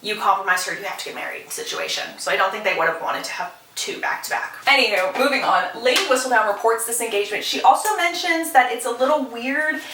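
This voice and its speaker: A woman's voice: medium pitch, bright, forceful tone, distant mic, a little hiss or hum. A woman casually recapping a book plot, chatty and opinionated, in an echoey room away from the mic. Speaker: book vlogger.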